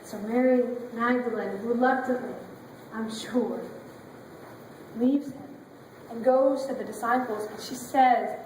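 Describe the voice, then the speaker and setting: High-voiced woman pastor preaching. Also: steady tone, takes it slowly, darkish tone, slight background noise. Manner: dramatic storytelling, emotive. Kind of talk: sermon. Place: church sanctuary. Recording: very echoey church from far off.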